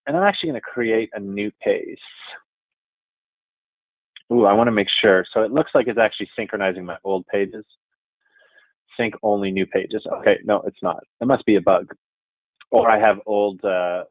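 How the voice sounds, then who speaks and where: A man presenting a live software demo webinar, walking through code in a casual, upbeat, chatty way. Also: on the low side, no room sound, narrow, tinny audio. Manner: casual, upbeat, chatty with frequent "all right" and "okay, cool".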